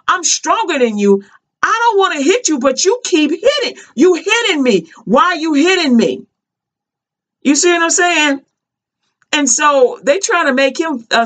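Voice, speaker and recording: A woman's voice: high-pitched, fairly bright tone. A woman commenting casually on a video, talking in an emphatic, repetitive, conversational way.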